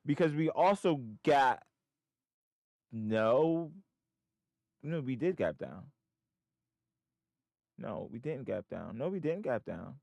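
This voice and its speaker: Man, trading stream host, casual rambling commentary, average pitch, dry close mic. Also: big pitch swings, slow pace, creaky, long pauses, a little mellow, dry recording. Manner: rambling, thinks aloud to himself. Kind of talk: casual live market commentary. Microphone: desk microphone, wearing headphones.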